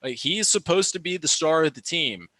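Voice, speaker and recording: Animated young man calling basketball live. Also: on the high side, no echo. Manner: animated, quick to rant, lots of fillers and restarts. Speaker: live-stream basketball commentator. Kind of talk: excited play-by-play and reaction commentary.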